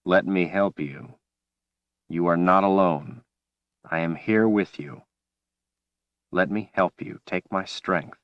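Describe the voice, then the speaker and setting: A man's voice: lowish voice, takes it slowly, no room sound, dull audio. A man reading a desperate, pleading young man. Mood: calm. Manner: urgent, pleading, then calm and steady. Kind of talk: audiobook character reading.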